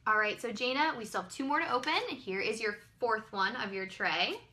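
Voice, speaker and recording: A woman hosting a live online sales show, gushing and exclaiming excitedly as she presents each item. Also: fairly high pitch, normal speed. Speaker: live-stream pearl seller.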